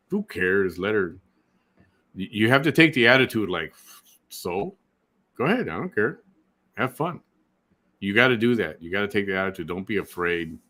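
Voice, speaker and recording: A man's voice: low voice, a bit bright. A man hosting a reaction video, with sarcastic, scoffing commentary. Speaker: host reacting to a clip.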